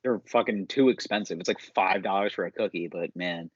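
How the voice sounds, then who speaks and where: Husky young dude rambling on a podcast, low voice, dry lo-fi sound. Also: male voice, no echo. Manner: rambling, swearing, quick to laugh. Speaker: podcast co-host. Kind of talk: casual chat. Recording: dull, dry, lo-fi podcast mic.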